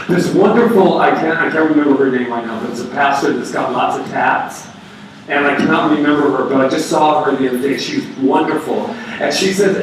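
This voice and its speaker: A man giving an animated, conversational sermon as a minister, with playful asides. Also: a little high, normal speed, recorded from a distance, slight background noise. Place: church sanctuary. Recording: very echoey hall, voice from afar.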